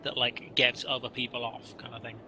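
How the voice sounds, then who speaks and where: A man's voice: mid-range voice, little pitch movement, a little fast, background noise. A man co-hosting a casual podcast chat, rambling and playful with lots of fillers. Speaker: co-host.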